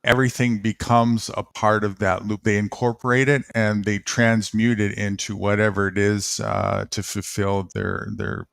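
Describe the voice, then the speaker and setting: A man with a low, gravelly voice explains ideas in a measured, unhurried way. The recording is dry and close. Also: flat delivery, dry recording. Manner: measured, explanatory, many uh fillers. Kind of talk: casual conversation.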